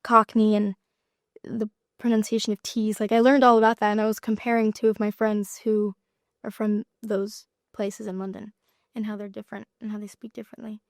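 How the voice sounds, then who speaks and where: An actress chatting as an interview guest, giggling often and trailing off with lots of fillers. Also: female voice, mid-range voice, level tone, brisk, no echo, studio quality. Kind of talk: casual interview chat.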